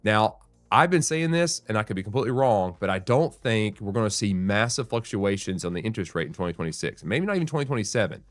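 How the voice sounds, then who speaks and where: A man with a fairly low, expressive voice hosts a real estate show, talking fast as he explains market news. He thinks aloud conversationally, restarting sentences and tossing in frequent "right?" asides. The recording is dry.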